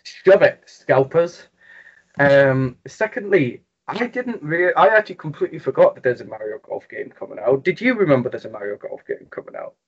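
A young man with a Geordie accent rattles through gaming news and deals in a jokey, rambling way, full of fillers. His voice sits at a middle pitch. The podcast audio is a bit dull and lo-fi. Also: big pitch swings, a little fast, hardly any pauses, husky. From North East England. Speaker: podcast co-host. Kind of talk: casual gaming podcast chat.

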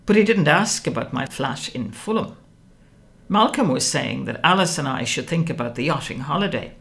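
A woman narrates a first-person novel with wry expression. Her pitch swings freely through each phrase, and a gravelly texture runs beneath her voice. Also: animated, moderate pace, fairly bright tone. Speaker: audiobook narrator.

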